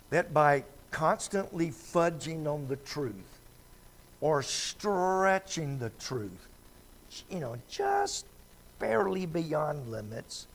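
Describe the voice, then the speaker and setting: A man preaching a midweek church Bible study in a folksy, conversational way, often putting questions to the congregation. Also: fairly high pitch. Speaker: pastor. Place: church sanctuary.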